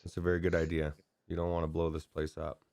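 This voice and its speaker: A man with a very low voice co-hosts a gaming podcast, rambling loosely and excitably, often restarting his sentences. He is recorded dry and close to the mic. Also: fast, vocal fry, dry recording. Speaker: podcast co-host. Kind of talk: casual chat about gaming news.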